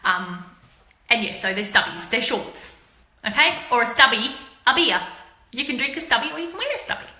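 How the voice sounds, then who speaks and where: Australian woman, middle-aged, chatty and laughing, bright voice, roomy echo. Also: fairly high pitch, lively intonation, normal speed, long pauses. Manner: chatty, laughing, explaining slang to viewers. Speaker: author hosting a live stream. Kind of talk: casual live-stream chat.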